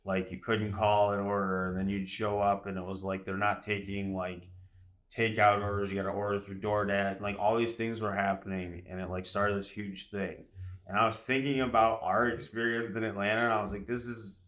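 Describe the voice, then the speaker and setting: Low-voiced chatty man. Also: little pitch movement, a little fast, fairly bright tone. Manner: chatty, rambling with lots of fillers. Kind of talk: casual chat.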